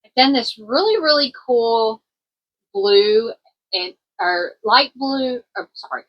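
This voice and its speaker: This Kentucky woman speaks slowly but animatedly, her pitch on the high side, though the recording is muffled. Running her own small business, she rambles through a casual craft vlog in a country twang, filling gaps with plenty of ums.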